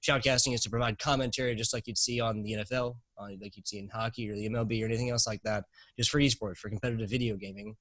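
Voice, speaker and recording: A young man from South Carolina, a guest in a casual interview, talking quickly and rambling with many fillers and restarts. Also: on the low side, fairly even intonation, fairly bright tone, no echo, poor audio. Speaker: guest, esports commentator.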